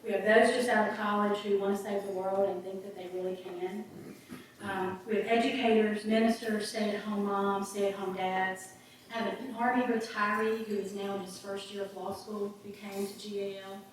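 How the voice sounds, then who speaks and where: A woman's voice: mid-range voice, level tone, moderate pace, a little hiss or hum. A woman telling an earnest, folksy story to a club meeting, with frequent ums. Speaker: guest speaker on a volunteer advocate program. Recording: echoey hall from far off.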